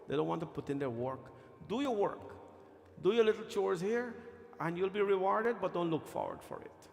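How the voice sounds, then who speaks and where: Pandit preaching in an echoing temple. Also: male voice, high voice, animated, normal speed, creaky. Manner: chanting Sanskrit verses, rising to loud fervor. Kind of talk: sermon. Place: temple hall. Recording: echoey temple hall with music.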